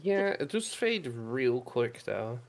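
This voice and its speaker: A woman playing along in a game chat, giving brief calm replies and questions. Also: rumbling low, takes it slowly. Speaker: co-player. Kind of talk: casual gaming chat.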